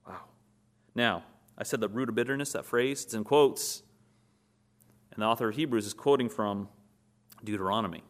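A man's voice: on the low side, normal speed, long pauses. A man preaching a sermon, who asks his listeners questions, answers them himself and acts out short scenes in quoted voices.

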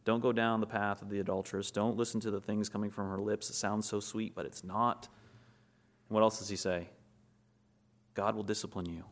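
A man's voice: on the low side, level tone, brisk. A man preaching a sermon, asking rhetorical questions and building to emphatic peaks. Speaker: pastor.

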